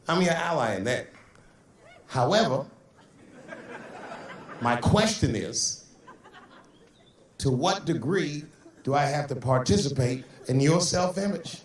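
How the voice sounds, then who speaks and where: A man doing a stand-up routine on stage, telling profane stories and mimicking the people in them. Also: medium pitch. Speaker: stand-up comedian. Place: stage in a large venue. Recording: echoey hall from far off, faint noise.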